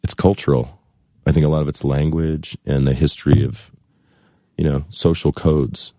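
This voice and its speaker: A man's voice: a bass voice, steady tone, moderate pace, mellow, dry recording, studio quality. A man guest talking casually on a podcast, rambling and joking, often acting out other people's voices. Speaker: musician guest.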